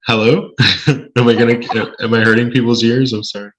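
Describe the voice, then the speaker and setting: A man's voice: mid-range voice, steady tone, moderate pace, crowd noise, poor audio. A man being interviewed over a live stream, chatty and rambling, with lots of restarts and joking asides. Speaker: space-tourism lodging owner.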